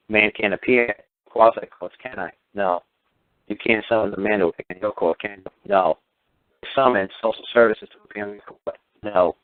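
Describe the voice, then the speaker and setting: A radio show talker with a lowish male voice goes on a heated rant, firing combative rhetorical questions and swearing. The audio is tinny, like radio over a phone line, with no room sound.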